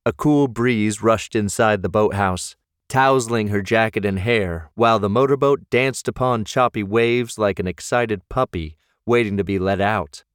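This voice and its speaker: Low-voiced man narrating a story. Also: clear, resonant tone, no room sound, studio quality. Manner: measured storytelling. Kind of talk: audiobook narration.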